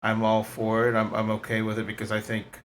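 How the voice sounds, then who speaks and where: A man taking part as a player in a tabletop game, speaking haltingly with many restarts. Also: fairly low pitch, monotone, slight background noise.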